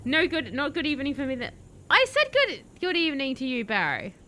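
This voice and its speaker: Female streamer, playful and chatty, slightly high voice, light noise floor. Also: brisk. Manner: playful, chatty, bursts into excited shouting. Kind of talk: live game commentary. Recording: faint background noise.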